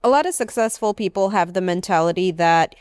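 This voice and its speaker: A woman hosting an interview, asking measured, thoughtful questions. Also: fairly low pitch, animated, a little mellow, clean tone, dry recording, studio quality. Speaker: interviewer host.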